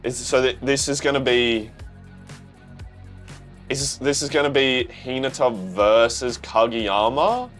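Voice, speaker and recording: A young man with an Australian accent, excitedly reacting to a manga, swearing often and calling things crazy. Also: medium pitch, takes it slowly, long pauses, faint music behind. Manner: excitable, swears, says "bro" a lot. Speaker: manga reaction channel host.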